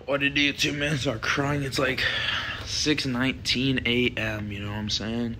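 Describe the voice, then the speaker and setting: A man's voice: medium pitch, flat delivery, measured pace, bright, forceful tone, slight background noise. A tired young man, vlogging casually on a handheld camera at the airport and leaning on "you know what I'm saying" over and over. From Canada. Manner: laid-back slangy talk with constant "you know what I'm saying". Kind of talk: casual travel vlog narration. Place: airport and travel spaces.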